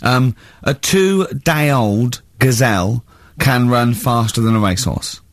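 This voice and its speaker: Giggly English radio host, dry studio. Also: male voice, mid-range voice, a little slow, no room sound. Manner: giggly, mocking, animated storytelling. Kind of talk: comedic radio banter. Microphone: studio microphone.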